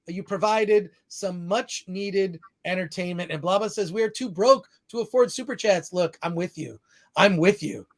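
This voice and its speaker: A man hosting a live-streamed podcast, with a voice that sits higher than most men's. He rambles along, reads viewer messages aloud and laughs easily at himself. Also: moderate pace. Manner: rambling, laughing, self-deprecating. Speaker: podcast host. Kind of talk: live-stream podcast chat, reading super chats.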